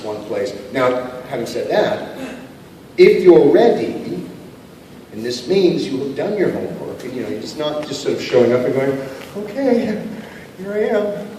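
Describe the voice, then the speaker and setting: Animated man in an echoey hall. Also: medium pitch. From Canada. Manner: animated, joking, quick asides. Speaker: voice actor guest at a convention panel. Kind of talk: convention Q&A answer. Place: large convention hall. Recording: echoey hall from far off with ambient noise.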